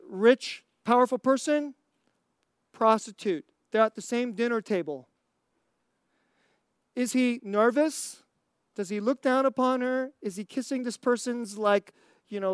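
A preacher delivers a sermon at an unhurried pace, drawn out and deliberate. Rhetorical questions come one after another, with a laugh slipped in between points. The voice sounds close and dry, with no room around it. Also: mid-range voice, smooth, no room sound.

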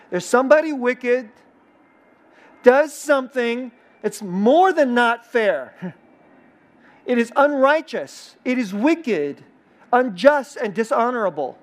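Conversational preacher, repeats phrases for emphasis. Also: mid-range voice. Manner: acts out short quoted lines in a changed voice. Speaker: pastor. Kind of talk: sermon.

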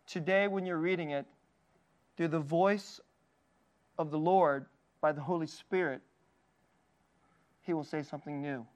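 A man preaching a sermon in an earnest, tender way, often laughing lightly and dropping his voice soft for quoted lines. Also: a little high, measured pace, pauses often. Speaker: pastor.

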